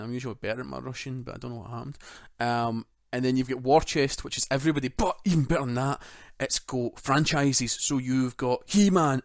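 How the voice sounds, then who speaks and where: A man's voice: mid-range voice, dry recording, studio quality. A man co-hosting a casual gaming podcast, enthusiastic and joking, swearing freely. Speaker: podcast co-host.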